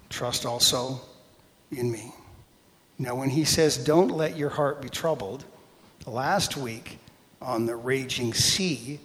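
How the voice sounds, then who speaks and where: A man preaching a sermon, telling personal stories with animated, self-mocking humor and acted-out voices. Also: medium pitch. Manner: animated storytelling, acting out voices, laughing at himself. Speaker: pastor. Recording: long hall reverb.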